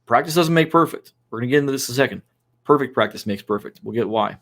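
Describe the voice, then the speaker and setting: A man's voice: medium pitch, quick pace, a bit bright. A man with a mid-range voice co-hosts a casual podcast, walking listeners through advice point by point. He speaks in an instructive way with plenty of fillers. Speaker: co-host.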